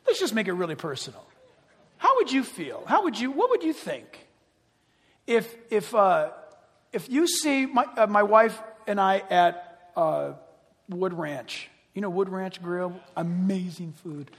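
A man preaching a sermon as pastor, animated and joking, acting out the voices of other people. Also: sits high, a little slow, breathy edge, in a large hall.

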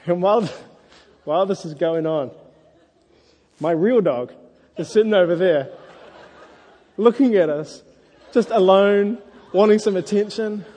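A married man preaching a sermon to a congregation, earnest and lively when he tells stories. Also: high voice, measured pace, long pauses. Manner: earnest, animated storytelling. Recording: echoey hall.

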